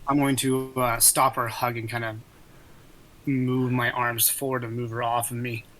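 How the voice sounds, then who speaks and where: A man playing a tabletop game, speaking in character with an earnest, deliberate manner. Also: mid-range voice, level tone, a bit bright, low-quality recording. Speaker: player.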